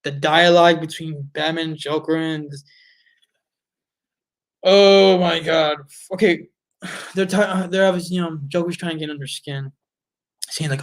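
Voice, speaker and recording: A man's voice: a little high, steady tone, a little slow, pauses often. A man giving a casual film review, blunt, exasperated and full of swearing. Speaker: movie reviewer.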